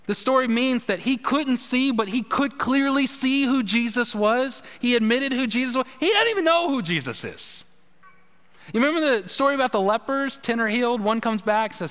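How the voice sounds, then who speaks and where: Animated pastor preaching in a hall. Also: male voice, very high voice, moderate pace. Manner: conversational, animated storytelling with acted-out quotes. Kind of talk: sermon.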